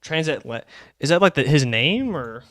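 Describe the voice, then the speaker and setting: A young man streaming live, chatting excitably and rambling about game lore. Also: a little high, no echo, clean studio sound. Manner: excitable, rambling, quick bursts of laughter.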